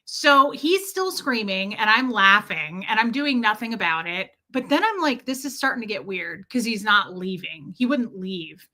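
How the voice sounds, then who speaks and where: A woman streamer telling a story to her viewers in a casual, animated way, laughing often and swearing freely. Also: mid-range voice, unhurried, hardly any pauses. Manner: animated, laughing, lots of profanity.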